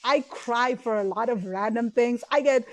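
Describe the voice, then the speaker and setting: A woman's voice: a little high, normal speed. A woman hosting a solo podcast, talking in an emotive, chatty way with many tag questions. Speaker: podcast host and money coach. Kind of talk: casual solo podcast talk.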